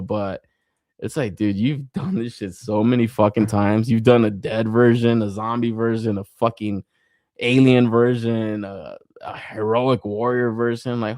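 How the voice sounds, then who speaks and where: A man's voice: fairly low pitch, no room sound, clean studio sound. A man hosting a toy podcast in a casual monologue, cursing often, laughing, and acting out his own reactions. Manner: profane, animated storytelling with frequent laughs.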